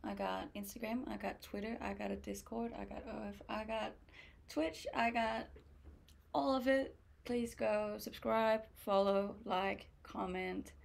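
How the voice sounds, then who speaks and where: A woman's voice: mid-range voice, steady tone, a little slow, vocal fry. A young woman streamer from Denmark chatting casually and answering viewers' questions aloud. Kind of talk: casual chat reading viewer comments.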